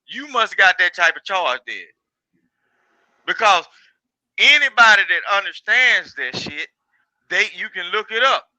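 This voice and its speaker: A man on a live call-in panel who talks loudly and at length in a monotone and keeps pushing his point over others. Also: high-pitched, unhurried, pauses often, no room sound, low-quality recording. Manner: monotone delivery; loud.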